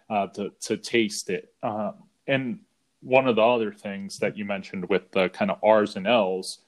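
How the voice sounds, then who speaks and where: A man from the US Northeast hosting a podcast, talking in a relaxed, rambling way with many fillers. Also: fairly low pitch. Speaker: podcast host. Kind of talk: casual interview chat.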